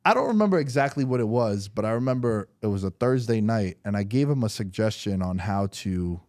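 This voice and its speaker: Young guy on a podcast, kinda low voice, slangy and hyped up telling stories. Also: brisk, no echo. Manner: animated storytelling, slangy and emphatic. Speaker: podcast guest and producer. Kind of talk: casual podcast conversation. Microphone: close studio podcast mic.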